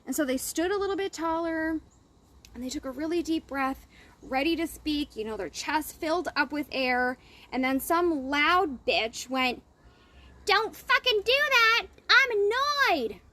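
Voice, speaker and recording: A woman's voice: high voice, moderate pace, fairly bright tone. A woman business coach talking straight to her audience in a blunt, profane, fired-up monologue. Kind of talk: impassioned monologue to camera.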